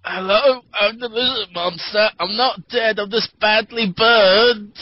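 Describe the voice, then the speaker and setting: A man's voice: high-pitched, steady tone, measured pace, slight background noise, pitched above the performer's own voice. A man voicing a badly burned lizard monster, whiny and pleading to be put out of its misery. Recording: dull lo-fi sound.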